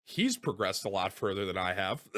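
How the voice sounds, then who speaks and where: A man livestreaming, telling rambling stories to his chat in a casual, animated way and swearing freely. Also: sits low. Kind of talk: casual storytelling to stream chat.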